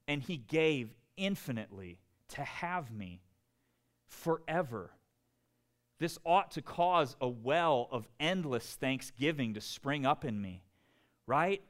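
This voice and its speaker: A man preaching a sermon, earnest, dropping to soft, quiet tones for emphasis. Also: on the high side. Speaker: pastor.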